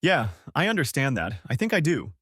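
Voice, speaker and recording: A man's voice: medium pitch, big pitch swings, fairly quick, a bit bright, breathy edge, dry recording, studio quality, voice pushed up. A man voicing an awkward, apologetic young man who stammers as he tries to fit in.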